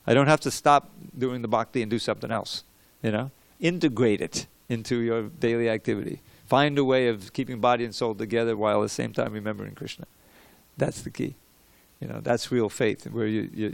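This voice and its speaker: Gravelly older man teaching scripture. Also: mid-range voice, fairly quick, no echo. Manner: conversational, digressive, many restarts, stops to drill pronunciation. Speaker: visiting teacher giving a scripture class. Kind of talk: devotional scripture class with chanting of verses. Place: temple room.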